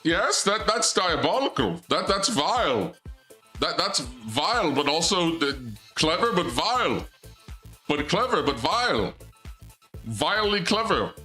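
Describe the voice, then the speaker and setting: A man's voice: a little high, sing-song, unhurried, sharp tone, soft background music. A young man streaming a game as a VTuber, rambling in goofy asides, cutting himself off and stammering. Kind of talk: live game stream commentary.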